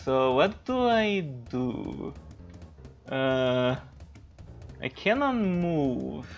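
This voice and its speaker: A man's voice: mid-range voice, sing-song, extremely slow, highs cut off, soft background music. A man streaming a video game, chatting casually, rambling and swearing loosely while he plays. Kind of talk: casual livestream gameplay chat.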